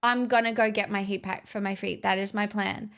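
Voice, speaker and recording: A woman's voice: medium pitch, steady tone, a little fast, fairly bright tone. A woman streamer chatting casually with her viewers, tired and rambling, with playful self-mockery.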